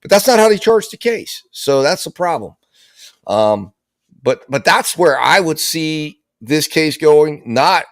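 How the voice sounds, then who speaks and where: A man's voice: fairly high pitch, no room sound, studio quality. A man giving casual, rambling commentary on a criminal trial, with lots of restarts and repeated words.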